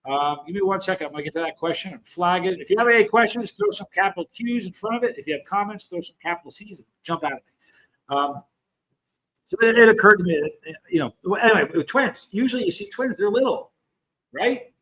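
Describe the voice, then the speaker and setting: Fifty-something guy from the states, kinda high voice, just chatting on a livestream, rambles a lot. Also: animated, quick pace, fairly bright tone, low-quality recording. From United States. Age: 50s. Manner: rambling, chatty, greets viewers by name. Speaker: host of a chili channel. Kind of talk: casual livestream chat.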